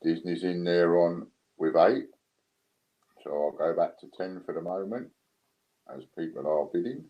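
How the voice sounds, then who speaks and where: A British man hosting a casual live stream, relaxed as he counts down bids. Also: deep voice, measured pace, muffled recording. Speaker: live stream host running coin auctions.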